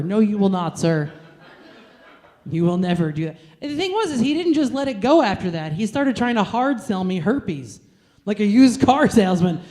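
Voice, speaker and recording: A woman's voice: medium pitch, very animated, normal speed, dark tone. A woman performing a stand-up comedy set with a brash, crude and self-mocking delivery.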